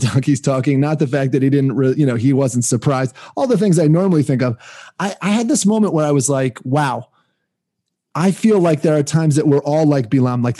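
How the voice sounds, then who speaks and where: A man with a fairly high pitch and a dark tone co-hosts a podcast, chatting casually about faith. He laughs often and restarts while retelling a scripture story, and he's from a Jewish community that reads the weekly Torah portion.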